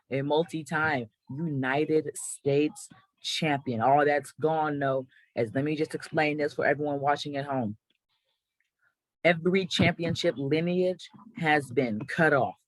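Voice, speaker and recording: A man's voice: on the high side, no room sound, low-quality recording. A man hosting a gaming video, calling out a mock wrestling draft in a hyped announcer style and correcting himself now and then. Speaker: gaming channel host.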